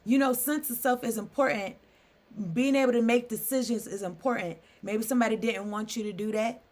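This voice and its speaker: A woman's voice: fairly high pitch, fairly even intonation, fairly quick, darkish tone. A woman giving a casual solo tarot reading, reading card meanings aloud and riffing with loose asides and frequent "okay?" check-ins. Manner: chatty, reads aloud then riffs with asides; frequent "okay?" and "I don't know" fillers. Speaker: tarot reader.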